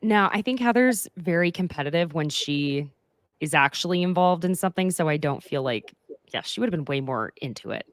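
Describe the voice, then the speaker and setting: A young woman hosting a casual recap chat, talking quickly with sarcastic asides and frequent laughs. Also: low voice, lively intonation, dry recording. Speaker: podcast host.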